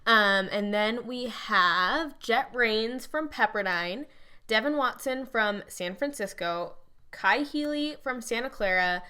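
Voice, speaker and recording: A woman's voice: fairly high pitch, expressive, takes it slowly, pushed and bright, smooth. A woman co-hosting a podcast, chatting casually about college basketball in a playful, joking way. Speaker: podcast co-host. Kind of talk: casual sports chat.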